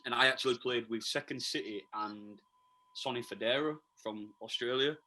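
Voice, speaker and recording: A man's voice: mid-range voice, normal speed, bright, forceful tone, poor audio. A man with a Leeds accent, a DJ talking chattily and eagerly as a podcast guest, with lots of restarts and fillers. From Leeds, England. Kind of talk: casual podcast interview.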